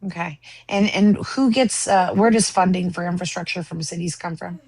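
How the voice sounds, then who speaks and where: Woman, panel moderator, sarcastic questioning, low pitch, dry sound. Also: moderate pace, a little mellow, husky, no room sound. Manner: pointed, quizzing, sarcastic. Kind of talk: political panel debate.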